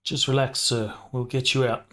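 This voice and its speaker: A man voicing a young colonial rescuer in a calm, polite, plain way. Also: mid-range voice, moderate pace, voice pushed up, lightly acted. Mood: calm concern.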